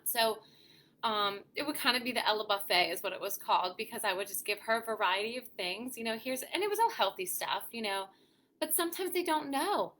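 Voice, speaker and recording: Speaking briskly in a fairly high, slightly bright voice, this woman runs a weekly live stream for mothers, responding to viewer comments in a relaxed way. Frequent "you know" and "um" fillers come through, with slight background noise.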